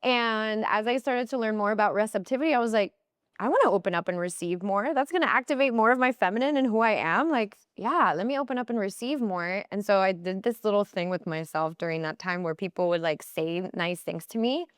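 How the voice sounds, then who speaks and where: A woman guest on a podcast, telling personal stories in casual talk, often quoting herself and others in high, playful voices. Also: brisk, clean tone, no echo, clean studio sound. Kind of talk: conversational interview storytelling.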